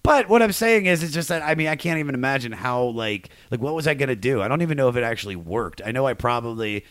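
A man in his thirties from Maryland hosting a casual podcast, talking in an animated way with big swings in his voice. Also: fast, dry recording. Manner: animated, jumpy delivery with big pitch swings. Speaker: podcast host.

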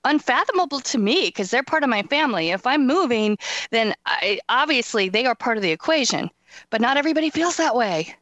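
A woman's voice: fairly high pitch, very animated, fairly quick, a bit bright, dry recording, lo-fi sound. A woman hosting an interview, chatting casually and enthusiastically with her guest. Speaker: podcast host.

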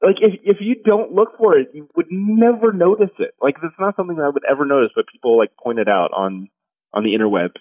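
Quick-talking easy-going man. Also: on the high side, expressive, a little mellow, no echo, dull audio. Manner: chatty, supportive, easy-going. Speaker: podcast co-host. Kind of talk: casual chat.

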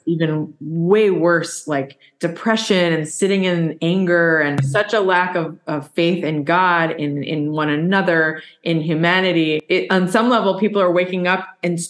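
A woman from the United States hosts a conversational podcast interview in a somewhat low voice. She is effusive and emotional. She speaks openly about faith. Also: fairly even intonation, measured pace, hardly any pauses. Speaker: podcast host.

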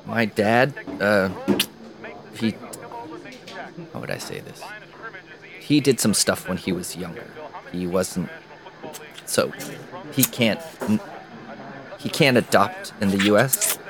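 An actor playing a hesitant, stammering young office worker in an audio drama. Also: male voice, fairly low pitch, sing-song, slow pace, creaky, long pauses, exaggerated voice. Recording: busy crowd behind.

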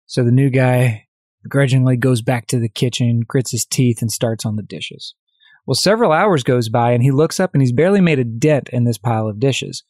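A man hosting his own coaching podcast, telling a story in a direct, energetic, conversational way. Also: mid-range voice, moderate pace, no room sound, clean studio sound.

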